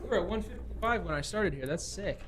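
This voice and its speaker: A man's voice: sits high, lively intonation, fast talker, a bit bright. A man bantering playfully with co-hosts while building a PC on a livestream, with faint music underneath. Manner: teasing, playful. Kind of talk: joking stream banter. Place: computer workshop.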